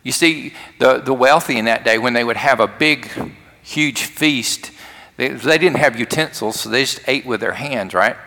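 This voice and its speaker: A man's voice: medium pitch, moderate pace, pushed and bright. A man preaching a sermon and retelling a story, acting out the characters' lines. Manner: storytelling, acts out quoted lines. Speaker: pastor. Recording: long hall reverb.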